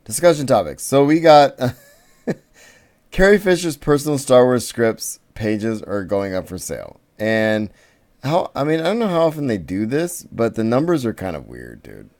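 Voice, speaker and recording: A man's voice: mid-range voice, sing-song, normal speed, a little mellow. A man co-hosting a casual podcast, rambling with restarts and fillers. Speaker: podcast co-host. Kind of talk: casual chat.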